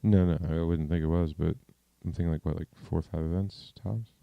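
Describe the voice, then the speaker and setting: A man's voice: low voice, fairly even intonation, a little fast, creaky, mellow, no echo, highs cut off. A man hosting a podcast in casual chat, rambling and self-deprecating, often repeating words. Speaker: podcast host.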